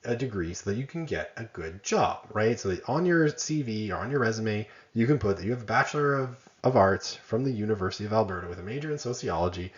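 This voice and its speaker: A man's voice: fairly low pitch, lively intonation, fast, few pauses, reverberant, muffled recording. A man giving a conversational college lecture, often checking in with "right?" and making self-deprecating asides.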